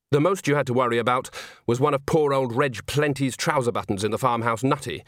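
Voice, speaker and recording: Male narrator, expressive comic storytelling, middle pitch, dry studio feel. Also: dry recording. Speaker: audiobook narrator. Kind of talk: scripted narration.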